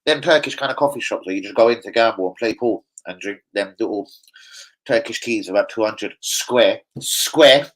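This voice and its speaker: A young man hosting a casual football fan livestream, rambling, swearing freely and reading out chat shout-outs. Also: lowish voice, moderate pace, poor audio.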